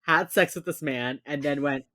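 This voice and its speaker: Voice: medium pitch, moderate pace, dry recording, studio quality. A podcast co-host in casual chat, retelling a TV episode scene by scene and acting out the characters' lines. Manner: animated storyteller who acts out the characters' lines.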